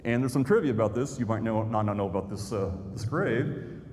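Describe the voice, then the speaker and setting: A man's voice: fairly low pitch, a little fast, darkish tone. Folksy man telling stories. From Indiana, USA. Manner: folksy anecdotal storyteller. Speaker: YouTuber giving a talk. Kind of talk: storytelling public talk. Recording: long hall reverb, faint noise.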